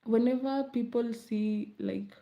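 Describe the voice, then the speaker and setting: A woman's voice: a little high, steady tone, slow, creaky, dull audio. Chatty Kenyan woman, late-night murmur. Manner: rambling, chatty, laughs often, drops to soft murmurs. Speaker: vlogger. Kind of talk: casual late-night chat.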